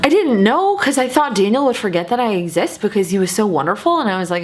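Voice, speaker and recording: A woman's voice: on the high side, quick pace, few pauses. Chatty young woman telling a story. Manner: chatty, animated, many fillers and repeats. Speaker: vlogger. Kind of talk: casual storytelling to camera.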